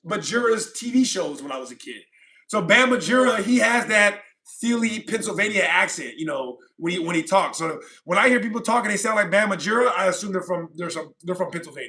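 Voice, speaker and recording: A high-pitched man with a bright, forceful voice chats casually on his livestream. He rambles, repeats himself and laughs often while reading comments from viewers, speaking into a desk microphone. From California. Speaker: livestream host.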